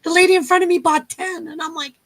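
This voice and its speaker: Very high-pitched joking woman. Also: fairly even intonation, a bit bright, no echo, low-quality recording. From Canada. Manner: playful teasing, quick jokes. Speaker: co-host. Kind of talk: casual chat on a livestream.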